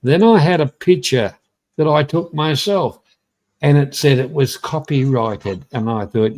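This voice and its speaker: Blunt, rambling Australian man hosting a livestream. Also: a little slow. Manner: rambling and blunt, greets viewers by name with lively swings in pitch. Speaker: livestream host. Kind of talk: casual live-stream chat.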